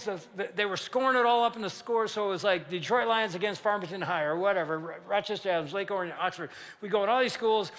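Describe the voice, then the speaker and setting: Older male pastor, lively storyteller, high bright voice, long hall reverb. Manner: animated, acts out quoted voices. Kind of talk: storytelling sermon. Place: large church hall.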